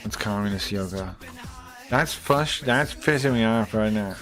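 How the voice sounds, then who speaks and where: A man's voice: on the low side, a little slow, a bit bright. A man streaming live, chatting casually and rambling to his chat, with mild swearing and many fillers. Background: faint music.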